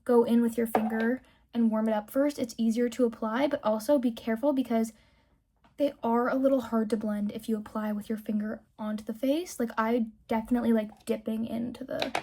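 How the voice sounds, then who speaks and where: Young woman doing a makeup tutorial, kinda high voice, chatty, gushy, swears when she rants. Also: mellow. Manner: chatty, candid, swears freely when ranting; gushing about products. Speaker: beauty vlogger. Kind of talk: casual makeup tutorial chat.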